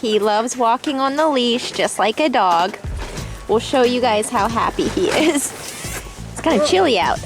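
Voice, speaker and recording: High, lively woman cooing at her pet. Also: measured pace. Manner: coos and baby-talks to her pet. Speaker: vlogger. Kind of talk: casual vlog chat. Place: outdoors by a dock and boat. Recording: vlog with background music.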